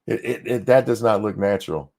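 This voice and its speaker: A man's voice: fairly low pitch, fairly quick, creaky, a little mellow. A man giving a blunt, sarcastic reaction rant, swearing freely while fighting the hiccups. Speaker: political commentary streamer.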